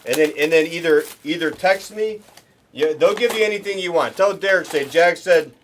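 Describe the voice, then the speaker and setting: A man's voice: a little high, moderate pace, slight background noise. A man hosting a live card break, chatting casually and rambling to viewers with many restarts. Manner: rambling, talks to chat viewers, restarts often. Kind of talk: casual livestream chat.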